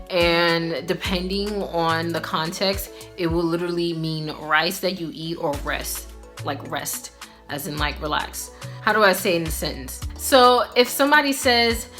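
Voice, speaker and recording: A woman's voice: fairly low pitch, pushed and bright. A young woman hosting a casual video language lesson, chatty and upbeat, with lots of filler words. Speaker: language teacher vlogger.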